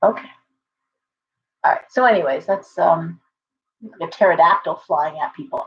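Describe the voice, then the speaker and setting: A woman's voice: on the low side, moderate pace, long pauses, lo-fi sound, slight background noise. A woman hosting a casual livestream from home, chatting in a rambling way with viewers and her pet bird. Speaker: livestream host and tarot reader.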